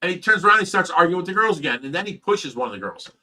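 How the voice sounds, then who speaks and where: A man telling a rough, profane story in casual chat as a host. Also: high-pitched, big pitch swings, racing, pushed and bright, a little hiss or hum. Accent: Ohio. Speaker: fish rescue host.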